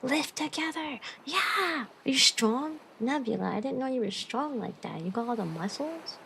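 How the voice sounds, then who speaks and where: A bubbly woman streamer with a higher voice chats casually with her live audience, giggling and greeting viewers. Behind her there is a faint hum of room noise. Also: expressive, normal speed, gravelly.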